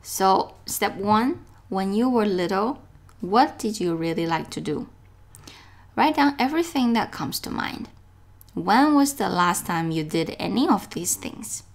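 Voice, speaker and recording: A woman whose first language is Chinese, reading a guided self-help exercise aloud in a slow, gentle way that turns playful. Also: medium pitch, lively intonation. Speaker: self-help course host.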